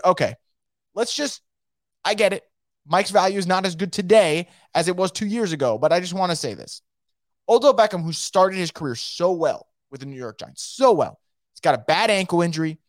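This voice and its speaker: A man's voice: high voice, no room sound, clean studio sound. A man hosting a solo sports podcast, talking in an opinionated, emphatic, rambling way. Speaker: podcast host.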